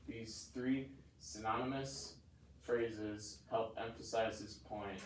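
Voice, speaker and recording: A young man gives a class presentation that analyzes a speech. He reads haltingly from notes in a slightly low voice. He is recorded from a distance in an echoey room, with faint noise behind him. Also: steady tone. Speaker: student presenter.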